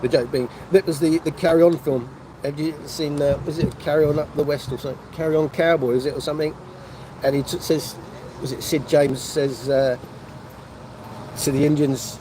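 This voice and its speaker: Streaming by phone from a motorway services café, this older man from North London meanders through casual chat, often breaking off and starting sentences again. He speaks a little high and mellow, with fairly even intonation at a moderate pace. The audio is poor and carries slight background noise.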